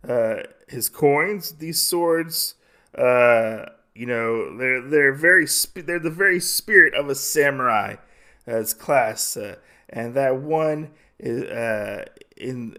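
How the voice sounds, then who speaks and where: A man puts on a stern old swordsmith who drags out his words with lofty contempt. The voice sits in a middle pitch, unhurried. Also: expressive, pushed and bright, exaggerated voice. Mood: scornful.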